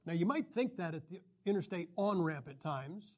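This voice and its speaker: A man teaching a Bible class in a folksy, joking way, often clearing his throat and restarting his sentences. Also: high voice, lively intonation, moderate pace, a little mellow. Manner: frequent throat clearing and restarts, jokey asides. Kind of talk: folksy teaching talk with jokes.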